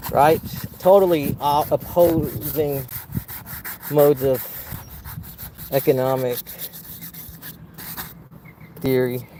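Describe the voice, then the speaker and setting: A man's voice: mid-range voice, dark tone, a little hiss or hum. A man, painting outdoors and chatting casually to viewers in a playful, rambling, wry way. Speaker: plein air painter. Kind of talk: casual narration while painting. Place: outdoors in a wildflower field.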